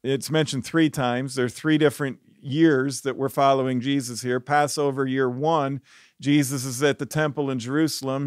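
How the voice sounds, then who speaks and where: A man teaching a short devotional Bible lesson on a podcast, earnest and reflective, with soft laughs and small restarts. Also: medium pitch, no room sound, studio quality.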